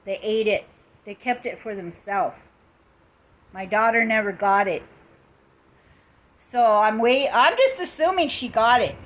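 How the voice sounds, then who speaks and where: A woman's voice: on the high side, unhurried, long pauses, rough recording. A middle-aged woman on a casual live stream, retelling an upsetting story in an indignant, emphatic way, with lots of repetition.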